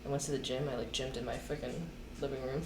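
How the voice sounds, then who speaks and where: A woman's voice: a bass voice, little pitch movement, fast talker. A young woman co-hosting a podcast, chatting casually with many fillers and retelling what friends said. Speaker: podcast co-host. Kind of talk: casual chat. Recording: echoey room, faint noise.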